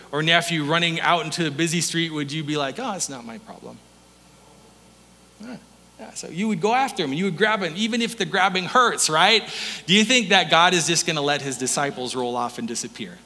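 A man's voice: on the high side, sharp tone. A male pastor preaching a sermon in a church, telling stories in a playful way and chuckling between points. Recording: long hall reverb.

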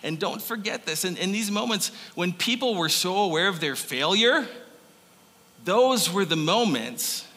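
Man, preacher, high pitch, conversational sermon, echo from a large hall. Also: measured pace. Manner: animated, conversational, keeps asking "right?". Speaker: pastor. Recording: echoey hall.

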